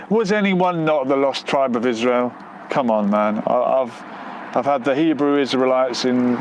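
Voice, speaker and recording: A man's voice: mid-range voice, a little hiss or hum. A man hosting a casual live stream, reading out viewer comments and answering them in a rambling, hesitant way with many fillers and restarts. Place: near the outskirts of West London.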